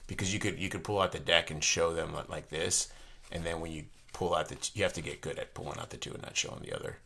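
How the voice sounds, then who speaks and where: Low-voiced man rambling casually. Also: steady tone, quick pace, vocal fry, pushed and bright. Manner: rambling, enthusiastic, frequent restarts. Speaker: playing card reviewer. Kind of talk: casual video review.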